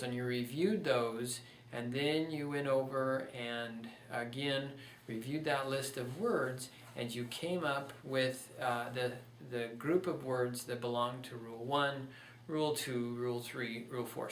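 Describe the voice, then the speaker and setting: A male teacher records a lesson, calmly working through one example after another. His voice sits a little away from the mic in a reverberant room, with a faint hum of ambience behind it. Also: medium pitch, distant mic. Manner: patient, walks through examples step by step. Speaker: Spanish teacher. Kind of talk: recorded online lecture.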